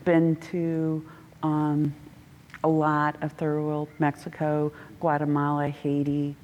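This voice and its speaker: A middle-aged woman telling animated stories about a mission trip, breaking into acted voices, in a church hall. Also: slow. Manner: animated, laughing, acts out quotes with big pitch jumps. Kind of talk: casual storytelling. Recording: reverberant hall.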